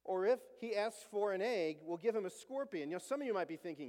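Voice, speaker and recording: A man's voice: sits high, animated, quick pace, darkish tone. A middle-aged man preaching a sermon, earnest and full of stories. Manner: storytelling, earnest. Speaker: pastor. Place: church sanctuary. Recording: long church reverb.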